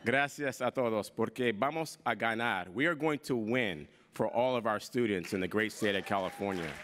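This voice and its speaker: A man who is a political candidate opening a speech to a conference audience in an energetic, rallying way. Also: lowish voice, moderate pace. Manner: energetic, rallying, mixes in Spanish greetings. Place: large conference hall.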